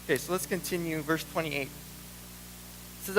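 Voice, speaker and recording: High-voiced animated male pastor preaching. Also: unhurried, pauses often, slight background noise, poor audio. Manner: animated, acts out quoted voices. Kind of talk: sermon.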